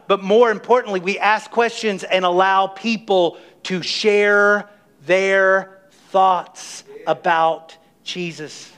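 A middle-aged man preaching a sermon as pastor of his church, emphatic and energetic, calling on the congregation to respond. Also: high voice, clear, resonant tone. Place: church sanctuary.

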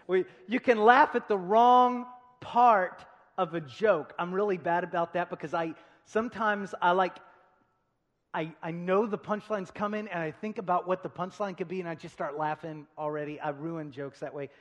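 A man's voice: sits high, steady tone, normal speed. Preaching man in a reverberant hall. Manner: dynamic preaching, swinging between loud emphasis and quiet asides; humorous storytelling asides. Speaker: pastor. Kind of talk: sermon. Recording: long reverb of a large hall.

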